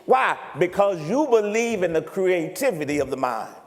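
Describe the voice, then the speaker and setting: A man preaching a sermon as pastor, animated and often checking in with the congregation. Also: sits high, moderate pace. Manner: animated preaching, asks the congregation if he makes sense. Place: church sanctuary. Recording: reverberant church hall.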